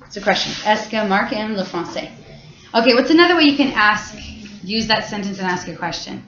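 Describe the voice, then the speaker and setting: A woman's voice: medium pitch, animated, fairly quick, fairly bright tone. Woman teacher, casual and rambling, echoey lo-fi classroom recording. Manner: casual, explains with many fillers and restarts. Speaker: French teacher. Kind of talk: classroom lesson. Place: high school classroom. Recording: echoey classroom, dull lo-fi sound.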